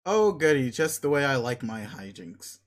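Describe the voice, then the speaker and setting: A man's voice: medium pitch, sing-song, normal speed, close to an everyday voice. A man reading a webcomic aloud, voicing an earnest young man who hesitates and blurts out old-fashioned folksy exclamations. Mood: flustered.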